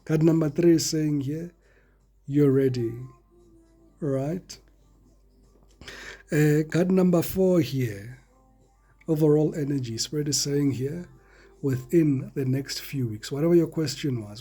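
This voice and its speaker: A man's voice: on the high side, unhurried, long pauses, warm tone, breathy edge, faint music behind. A man with a South African accent giving a casual tarot reading to viewers, chatty and playful, mixing languages as he talks. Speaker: tarot reader.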